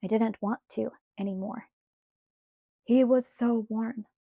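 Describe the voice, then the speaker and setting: Slow, mellow woman reading a novel. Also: a little high, vocal fry, dry recording, clean studio sound. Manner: unhurried, even storytelling. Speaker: audiobook narrator.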